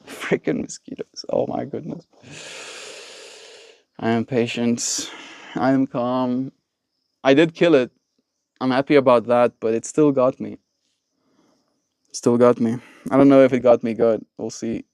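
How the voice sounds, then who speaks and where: A man's voice: mid-range voice, fairly even intonation, measured pace, long pauses, darkish tone, clear, resonant tone, dry recording. Playful man chatting on a live stream. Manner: playful, laughs often, mock voices for viewers. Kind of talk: casual live-stream chat reading chat messages. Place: outdoors with mosquitoes.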